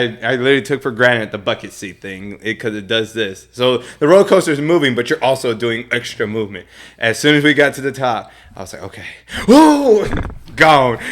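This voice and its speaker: Casting: young male co-host, mid-pitched, lively storyteller who acts out quotes. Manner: excitable storyteller, acts out quotes, laughs often. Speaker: podcast co-host. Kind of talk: casual chat.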